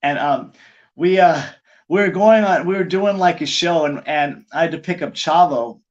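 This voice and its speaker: A middle-aged pro wrestler, guesting on a podcast, tells locker-room stories in a lively, rambling way, leaning heavily on "like." His voice sits a little high for a man and moves at normal speed, and the recording is muffled and lo-fi.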